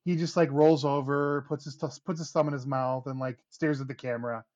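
A man's voice: mid-range voice, fairly even intonation, fairly quick, a little mellow, highs cut off. A man in his thirties, a podcast host, chatting casually with lots of fillers and restarts. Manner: rambling, many restarts and fillers. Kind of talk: casual chat.

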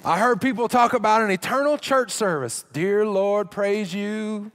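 A middle-aged pastor preaches a sermon in a humorous, conversational style, sometimes dropping dramatically to a hush. His voice sits high, and he's in no hurry.

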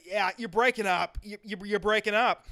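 A man's voice: high-pitched, normal speed, sharp tone, pitched above the performer's own voice. A man voicing a stern, irritated middle-aged father who stutters, repeats himself and never finishes his sentences. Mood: stern, annoyed. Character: stern, irritated middle-aged dad holding back anger.

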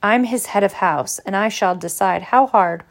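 Woman reading a cold stern male prof, curt and low, bit gravelly. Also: normal speed, natural voice.

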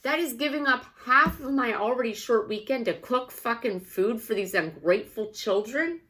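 Blunt, profane woman podcast co-host. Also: on the high side. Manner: blunt, profane and animated, quick to laugh. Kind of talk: casual chat.

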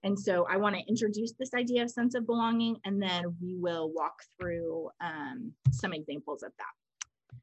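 A woman's voice: fairly low pitch, normal speed, husky, no room sound, rough recording. A woman co-hosting a conversational show, explaining ideas in a chatty, storytelling way. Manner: chatty, animated storytelling with quoted voices. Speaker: podcast co-host.

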